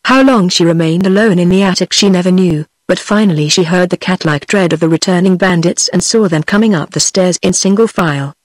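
A woman's voice: on the low side, brisk, few pauses, no echo. Synthetic British woman reading a storybook. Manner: even synthetic reading of all parts in one voice. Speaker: narrator. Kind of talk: text-to-speech audiobook reading.

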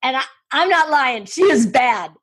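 A woman speaking coach telling stories in an interview, excitable and full of quick restarts and asides. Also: sits high, husky. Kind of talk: enthusiastic interview storytelling.

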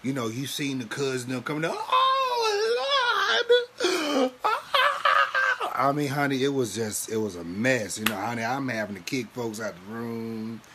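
A man hosting a live stream, chatting and preaching to viewers in an animated way, laughing often and calling listeners baby and honey. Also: medium pitch, fairly quick, hardly any pauses, heavy background noise. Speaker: livestream host and minister.

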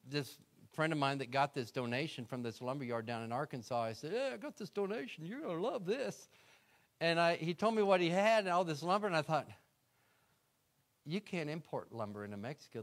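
A man's voice: mid-range voice, animated, a little fast, fairly bright tone. A middle-aged man, a guest speaker, telling a story in a sermon and acting out his own prayers.

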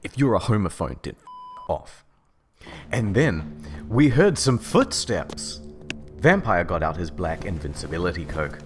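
A man doing a comedic dramatic reading as narrator, in a deadpan, mock-serious manner. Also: sits low, normal speed, soft background music.

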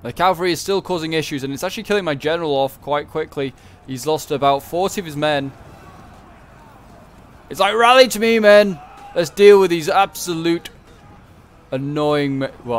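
A man's voice: medium pitch, fast talker. A man giving casual, chatty commentary over a strategy game battle, rambling and correcting himself as he goes. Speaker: gaming video creator.

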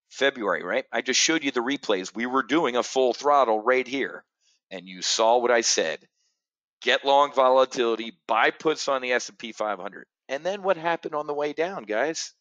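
A trading educator from the United States hosts a live options-trading brief, seated in a studio chair and speaking straight to camera with brash, boastful sales patter. His mid-range voice has a fairly bright tone. The recording is dry with no echo, but the highs are cut off.

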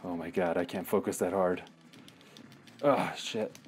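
Low-voiced man doing unhurried let's-play commentary, swears and trash-talks, faint game music behind. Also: steady tone, darkish tone. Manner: trash-talking, swearing, jokey outbursts at the game. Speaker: podcast co-host playing a video game.

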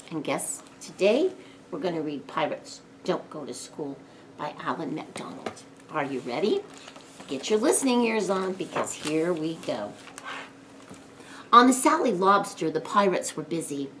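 Woman, children's librarian, storytime read-aloud, lively swooping pitch, slow unhurried pace, faint background hiss. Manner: animated, playful voices for characters.

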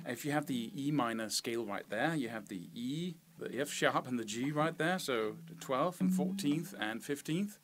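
A man's voice: medium pitch, slight background noise. A man teaching a guitar lesson, explaining step by step and counting out fret numbers. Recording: loud guitar playing behind. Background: electric guitar.

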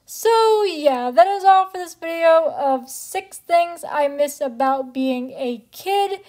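A woman's voice: very high-pitched, animated, slow pace, darkish tone. A young adult woman hosting her own channel, chatting casually to viewers with lots of "like" and playful exaggeration. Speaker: channel host. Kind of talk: casual vlog talk to viewers.

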